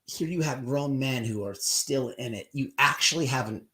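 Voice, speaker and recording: A man's voice: medium pitch, pushed and bright. A man hosting a live stream and rambling through casual, profane commentary. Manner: profane, rambling, quick to act out quotes.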